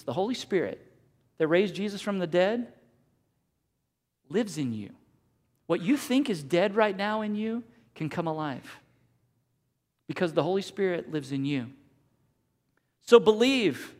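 A middle-aged man preaching a sermon, asking rhetorical questions and acting out quotes. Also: sits high. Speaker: pastor.

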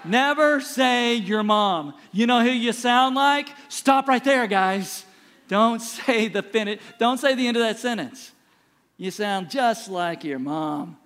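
A middle-aged male pastor delivers a sermon with a fairly high-pitched voice. He speaks emphatically and repeats short phrases to hammer each point home. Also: unhurried, a bit bright.

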